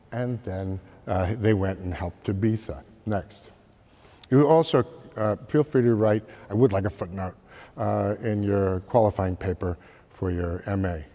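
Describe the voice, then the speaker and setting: A man giving an art history slide lecture, halting with many fillers and calling for the next slide. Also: lowish voice, mellow. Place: lecture hall. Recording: long hall reverb.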